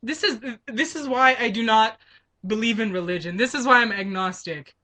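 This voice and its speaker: Woman, frustrated vlog rant, rhetorical questions, bright sharp tone. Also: a little high, moderate pace. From Canada. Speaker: vlogger. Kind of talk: political rant to camera.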